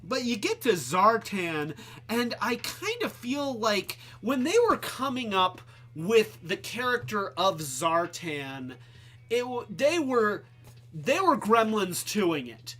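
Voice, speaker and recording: A man's voice: high-pitched, sing-song, slow pace, bright, forceful tone. A man hosting a casual live-stream toy review, rambling and joking, with lots of restarts and asides. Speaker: host.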